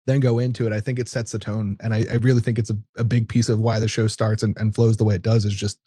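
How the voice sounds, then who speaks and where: A man's voice: on the low side, flat delivery, warm tone, slightly rough, dry recording, studio quality. A man, a podcast co-host, chatting casually and with enthusiasm on a podcast mic. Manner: enthusiastic, quick, loose phrasing. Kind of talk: casual chat.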